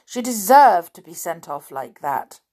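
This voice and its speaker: A woman's voice: lowish voice, big pitch swings, a little slow, a little mellow. Storybook: stern toy soldier, read by a woman, curt and firm.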